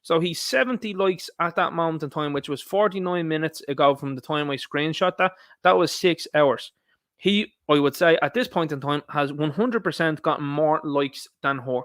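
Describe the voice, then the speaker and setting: A man rants through a solo political commentary, combative and quick to swear. His voice sits fairly high, and the sound is dry and close. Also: fairly bright tone, no room sound.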